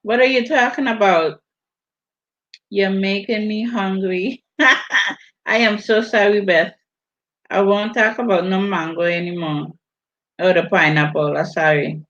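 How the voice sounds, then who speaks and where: A woman's voice: mid-range voice, steady tone, a little slow, pauses often, fairly bright tone. A woman with a Virgin Islands Caribbean accent, chatting casually on a live stream, reading out viewer comments with teasing laughter. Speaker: vlogger hosting a live stream. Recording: dull lo-fi audio.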